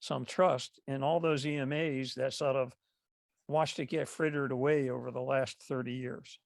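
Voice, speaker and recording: A man's voice: medium pitch, fairly even intonation, normal speed, vocal fry, no room sound. An older man making a reflective, rambling comment in a video call meeting. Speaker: call participant.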